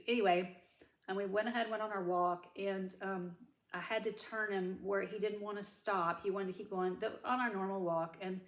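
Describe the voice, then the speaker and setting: A woman's voice: mid-range voice, roomy sound. A woman, crying as she gives a rambling personal update to her viewers. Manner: rambling, self-correcting, Southern "y'all". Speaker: vlogger. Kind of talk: tearful personal update to camera.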